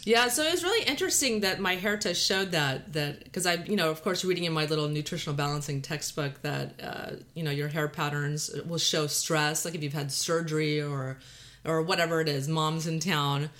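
Texas gal w a drawl + valley girl twang, bright slightly low voice, chatty podcast host cracking jokes at herself. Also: moderate pace. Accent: Texan drawl mixed with Californian Valley Girl. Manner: chatty and self-deprecating, laughs often. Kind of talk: casual podcast chat.

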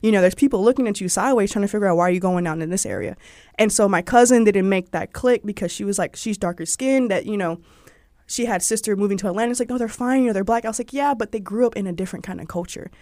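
As an interview guest, a young woman from Georgia, USA, tells casual personal stories in a Southern accent, her mid-range voice moving quickly. She's chatty, heavy on "like" fillers, and animated whenever she quotes someone. The studio-quality recording has no room sound.

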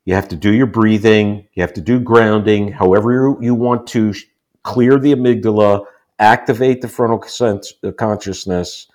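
Deep-voiced older man telling stories. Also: fairly even intonation, normal speed, a little mellow. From United States. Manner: earnest, explanatory, repeats points for emphasis. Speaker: podcast guest. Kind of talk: conversational storytelling.

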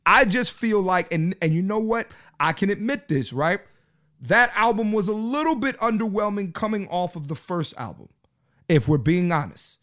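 Male podcast host, high-pitched, casual and slangy, repeats lines for emphasis. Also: expressive, moderate pace, a bit bright. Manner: loose, slangy, repeats himself. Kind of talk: casual solo podcast chat.

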